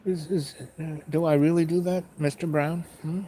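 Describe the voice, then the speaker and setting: A man's voice: on the high side, steady tone, moderate pace, dark tone, a little hiss or hum. A man hosting his own show, talking in a loose, meandering monologue and often asking himself questions. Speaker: host. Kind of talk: rambling casual monologue.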